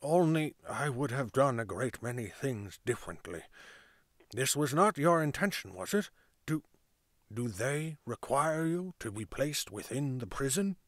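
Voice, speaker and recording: A stern town constable, formal and clipped in every order he gives, as a man reads him out. His voice sits at an ordinary male pitch, dry and close with no room around it. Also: animated, measured pace, no echo, close to an everyday voice. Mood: hushed.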